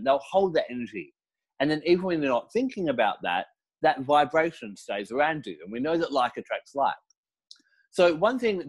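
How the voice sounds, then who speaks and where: A middle-aged man giving a casual interview, explaining crystal practices with relaxed storytelling and fillers. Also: a little high, breathy edge. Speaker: crystal and essential oil teacher, guest.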